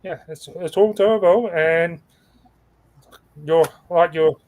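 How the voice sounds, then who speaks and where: Male co-host on a video call, slightly high voice, easygoing scoreboard rundown. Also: slow pace, a little mellow. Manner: talks through a scoreboard, stumbles over names. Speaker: co-host reading team standings. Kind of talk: casual livestream chat.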